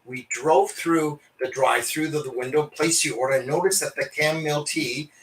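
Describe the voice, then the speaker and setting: A man's voice: on the high side, brisk, a bit bright, distant mic. A Canadian man hosting a virtual comedy show, telling jokey stories and slipping into put-on voices over a video call. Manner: jokey, mimics callers and accents. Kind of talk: stand-up style storytelling with put-on voices. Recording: roomy sound from away from the mic.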